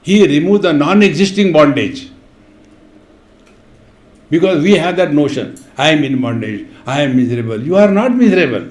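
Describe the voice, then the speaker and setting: A man's voice: on the high side, lively intonation, moderate pace. Man giving a spiritual talk in an echoey hall. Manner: chants verses, then explains with playful stories and acted voices. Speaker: spiritual teacher. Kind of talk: spiritual discourse with humorous anecdotes. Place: retreat hall.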